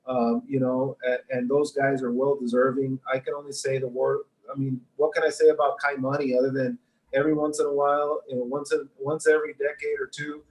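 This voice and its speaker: A man, a high school football coach, chatting casually and rambling, speeding up when excited. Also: poor audio. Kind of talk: casual chat.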